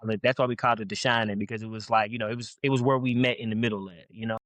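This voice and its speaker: Young male rapper from Louisville, quick rambling slang, dry close sound, guest on a podcast. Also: on the low side, fairly even intonation, fairly bright tone, dry recording. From Louisville, Kentucky, US. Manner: rambling, slangy, laid-back. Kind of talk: casual podcast interview.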